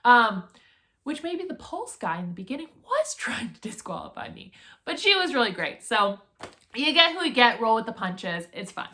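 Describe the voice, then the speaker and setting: Bright-voiced young woman telling a story. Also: a little high, moderate pace. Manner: chatty and animated, acts out her own nervous reactions. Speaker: vlogger. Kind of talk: casual storytelling to camera.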